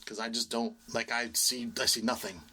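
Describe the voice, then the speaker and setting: A middle-aged man chatting casually on a podcast, telling a story and swearing freely. His voice is bright and forward, pitched at an ordinary level. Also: fairly even intonation, moderate pace, a little hiss or hum. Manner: storytelling, swearing, laughs often. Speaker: podcast co-host.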